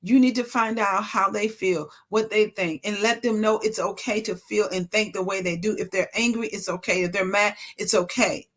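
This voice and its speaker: A woman's voice: medium pitch, fairly even intonation, normal speed, few pauses, a bit bright. A woman speaking at a ministry, giving an informal, emphatic faith-based talk and repeating phrases for stress. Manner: informal, conversational preaching.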